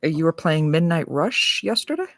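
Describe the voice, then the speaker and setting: A woman's voice: sits low, very animated, normal speed, a bit bright, dry recording. A woman from Canada co-hosting a live stream, chatting and teasing in a casual way. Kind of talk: casual chat.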